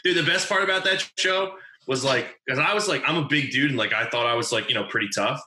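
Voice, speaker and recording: A man in his twenties from New Jersey chats casually, telling a story and rambling with lots of fillers and swearing. His voice is bright and forward, and the room gives it a noticeable echo. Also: mid-range voice, quick pace. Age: 20s. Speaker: podcast guest telling a story. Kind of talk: casual chat.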